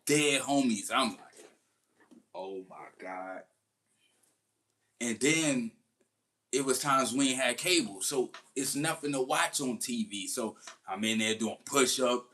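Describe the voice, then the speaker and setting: Slangy male commentator, casual and animated. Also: mid-range voice, unhurried. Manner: slangy, animated storytelling with laughs. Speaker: commentary host.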